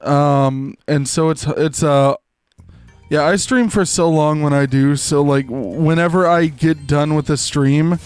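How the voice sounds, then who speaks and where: A man's voice: fairly high pitch, darkish tone. A young man chatting casually to his viewers while live-streaming a game, rambling with lots of fillers. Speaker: livestreamer. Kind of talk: casual chat while gaming.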